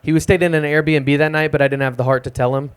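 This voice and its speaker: A young man doing a self-deprecating, deadpan stand-up set at an open mic in a small music club. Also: on the high side, fast talker, clear, resonant tone. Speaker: stand-up comedian.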